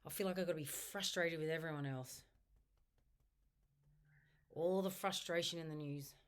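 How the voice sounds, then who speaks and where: Low-voiced woman leading tapping affirmations. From Australia. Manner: slow repetitive affirmations, first person. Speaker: EFT tapping instructor. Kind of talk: guided tapping script spoken aloud.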